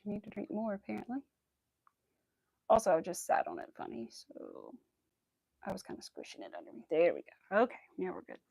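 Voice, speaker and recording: Chatty woman with a gravelly, lively voice. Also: medium pitch, fairly quick, long pauses, dry recording. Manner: rambling and chatty, heavy on filler words; laughs often and greets viewers. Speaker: crochet livestream host. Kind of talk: casual chat while crafting.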